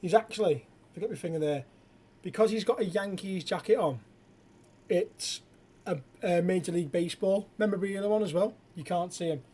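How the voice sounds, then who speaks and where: A man's voice: sits high, a little fast, darkish tone, husky. A man hosting a podcast, chatting casually late at night, joking, swearing and laughing often. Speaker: podcast host.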